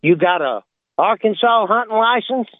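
A man putting on a gruff bossy game warden. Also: high voice, expressive, moderate pace, no echo, narrow, tinny audio, pitched above the performer's own voice. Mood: suspicious.

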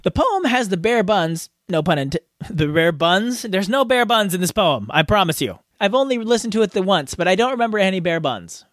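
Male podcast co-host, goofy and self-mocking, animated pitch, very dry close sound. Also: brisk, dry recording. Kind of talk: casual podcast outtakes.

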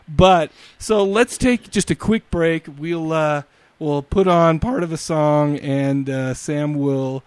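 Male podcast host, casual, self-deprecating, slightly high and dry. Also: takes it slowly, smooth, no room sound. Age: adult, married. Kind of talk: casual chat.

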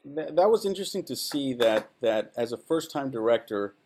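A man from Texas whose first language is Spanish, a film director telling animated, enthusiastic stories as an interview guest. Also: mid-range voice, normal speed. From El Paso, Texas. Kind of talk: casual anecdotal storytelling.

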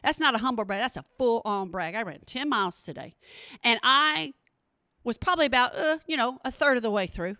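Lively high-voiced woman host. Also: fairly quick, no echo, clean studio sound. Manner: animated, talks to listeners directly, exclamations. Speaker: podcast host. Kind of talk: casual storytelling monologue.

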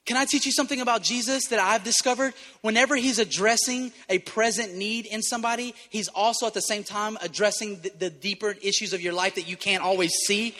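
A man preaching a sermon, emotional and close to tears, moving from loud appeals to soft, gentle asides. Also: sits high, fairly even intonation, a little fast, few pauses, big-room sound. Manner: emotional, swinging from loud exhortation to soft intimacy. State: tearful.

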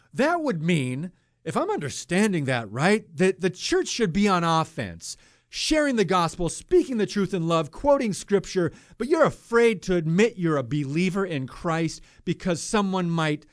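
A man hosting a Christian talk radio show, giving heated, preachy commentary that swings between loud outbursts and quiet asides. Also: high-pitched, big pitch swings, normal speed, dry recording, studio quality.

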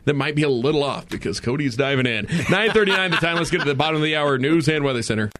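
A man's voice: fairly high pitch, expressive, fast talker, a bit bright. A man hosting a morning radio show, chatting casually and joking at his own expense. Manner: jokey, rambling, self-deprecating. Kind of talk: casual on-air chat.

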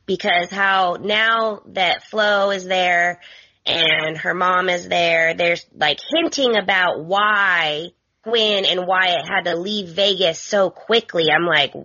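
A woman co-hosting a podcast in casual chat, animated and quick with exasperated asides. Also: lowish voice, dull audio. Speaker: guest co-host. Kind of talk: casual soap opera recap chat.

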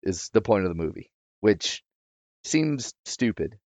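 A man's voice: on the low side, sing-song, a little slow, darkish tone, no room sound. A man chatting casually about a film in a wry, dismissive way, full of "like" and "you know". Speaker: podcast co-host. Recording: dull lo-fi dry sound.

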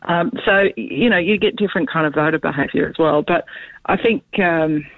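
A woman's voice: low-pitched, brisk, no room sound. A woman academic speaking as a radio guest over the phone, thoughtful and hedging with frequent ums. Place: Queensland, Australia. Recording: tinny phone line.

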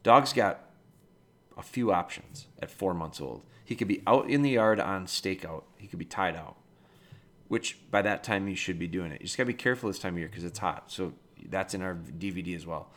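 A man with a somewhat low voice talks through dog training questions in a relaxed, matter-of-fact way. He sounds middle-aged and steady, like a podcast host chatting casually. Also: normal speed. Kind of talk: casual advice talk.

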